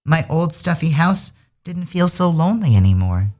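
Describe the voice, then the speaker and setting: A drag queen storyteller reading a picture book aloud on the radio, with lively storybook delivery. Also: medium pitch, moderate pace. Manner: lively storybook reading with many character voices.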